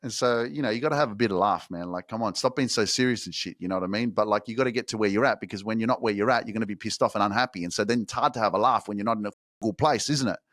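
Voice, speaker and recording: A man's voice: on the low side, rapid-fire, a bit bright, no echo, clean studio sound. A man hosting a motivational podcast, talking casually with a lot of slang and profanity and pushing his listeners hard. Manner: profane, slangy, fired-up exhortation. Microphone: microphone.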